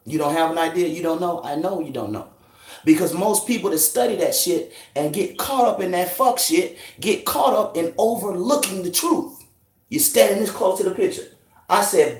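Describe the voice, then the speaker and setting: A man giving a confrontational street lecture, forcefully grilling his listeners with profanity. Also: high-pitched, moderate pace, reverberant. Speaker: street teacher debating a crowd.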